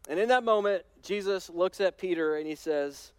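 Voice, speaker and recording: A man pastor preaching a sermon in a conversational, animated storytelling way with touches of humor. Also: sits high, moderate pace, few pauses, clear, resonant tone, no room sound.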